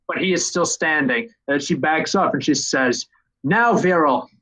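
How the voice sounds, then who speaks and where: A man running a tabletop game as game master, thinking aloud with hesitant pauses. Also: a little high, bright, forceful tone, rough recording.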